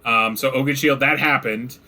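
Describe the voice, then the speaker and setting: A young man runs a casual tabletop game as game master, narrating in rambling descriptions packed with fillers. His mid-range voice is steady, pushed and bright, at a moderate pace.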